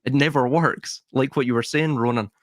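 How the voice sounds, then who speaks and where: A man's voice: mid-range voice, fairly even intonation, normal speed, dry recording. A man, a guest on a live discussion show, talking philosophically in a stream of rhetorical questions. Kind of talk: casual podcast discussion.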